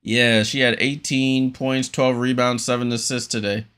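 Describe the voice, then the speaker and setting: A man's voice: medium pitch, normal speed, clear, resonant tone. Guy streaming a watchalong, calling plays laid back, lots of um and restarts. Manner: relaxed, chatty, many ums and restarts, reads chat aloud. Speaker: streamer hosting a game watchalong. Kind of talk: live play-by-play commentary on stream.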